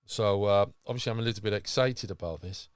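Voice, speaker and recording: A man's voice: on the low side, fast talker, clear, resonant tone, no echo, clean studio sound. A man hosting a podcast, talking with enthusiasm and rambling through fillers and restarts. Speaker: podcast host. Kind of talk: casual podcast chat.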